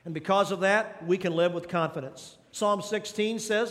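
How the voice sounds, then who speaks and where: A male pastor with a high voice preaches an emphatic sermon, pressing his listeners with questions and repeated phrases. His voice carries a long reverb from the large hall around him. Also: normal speed, few pauses, fairly bright tone. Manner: emphatic, exhorting the congregation with questions and repetition.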